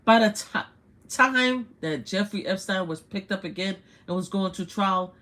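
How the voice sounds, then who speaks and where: Older female live-stream host with a New York accent, blunt and animated, mid-range pitch. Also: unhurried. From United States. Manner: animated, blunt, rhetorical questions. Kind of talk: casual political commentary.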